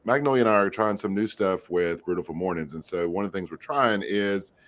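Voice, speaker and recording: A man hosting a casual community morning livestream, chatting in a relaxed way with many fillers. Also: deep voice, a little fast. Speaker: host.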